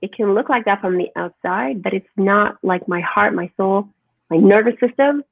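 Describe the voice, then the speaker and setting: A woman speaking as a holistic health guest in an animated, emphatic conversational interview, often asking "right?". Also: medium pitch, moderate pace, creaky, dry recording. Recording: tinny phone-like line, dry.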